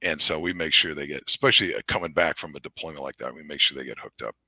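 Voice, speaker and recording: A middle-aged man with a very low voice and a bright, forceful edge tells stories in a loose, rambling way, full of fillers and restarts. His voice is recorded dry and close. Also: fast talker, no room sound. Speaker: podcast guest, retired Marine officer. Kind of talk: casual storytelling interview.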